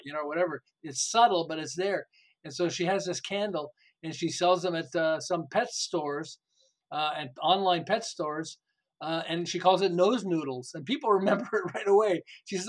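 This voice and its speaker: Excitable high-voiced older man. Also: brisk, low-quality recording. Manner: animated, laughs often, acts out quotes. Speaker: podcast guest, author. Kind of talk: enthusiastic storytelling interview.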